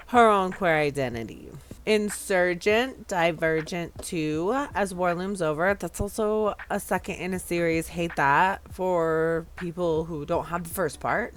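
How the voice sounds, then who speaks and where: A woman hosting a casual gameplay video, chatting and reading game text aloud with sudden excited outbursts. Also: on the low side, measured pace, hardly any pauses. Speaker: gaming video host.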